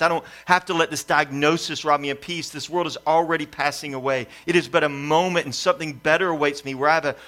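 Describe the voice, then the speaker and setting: A man's voice: on the high side, sharp tone. A middle-aged pastor telling a family story in a sermon, acting out voices and building his points in repeated lists. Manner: repetitive preaching cadence, builds in lists.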